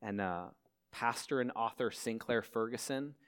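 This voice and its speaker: A man's voice: medium pitch, moderate pace, a bit bright, clean tone. A man pastor preaching a sermon in a church, earnestly asking his listeners questions. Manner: earnest, asks the congregation many questions. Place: church hall.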